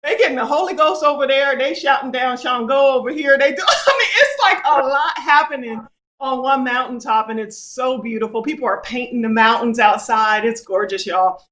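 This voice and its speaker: A woman co-hosts an online celebration over a video call, exuberant, laughing and leading hype chants in a lively, casual livestream style. Her voice sits high, with a moderate pace and a slightly bright tone.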